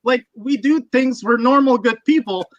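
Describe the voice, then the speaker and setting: A man's voice: very high voice, moderate pace, no room sound, muffled recording. A man hosting a casual livestream chat, rambling and ranting with lots of swearing. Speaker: livestream host.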